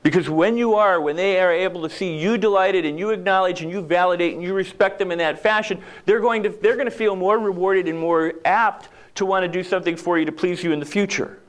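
Jokey, conversational man with a higher voice. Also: brisk, hardly any pauses. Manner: conversational, jokey, acts out quoted lines. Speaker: speaker giving a talk. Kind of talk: humorous motivational talk.

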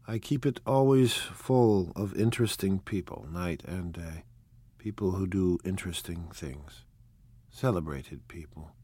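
Gatsby, a man doing a low, hushed, charming rich host. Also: measured pace, slightly rough, no echo. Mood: boastful. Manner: hushed, low and confiding, with repeated "old sport". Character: charming wealthy man, eager yet evasive host.

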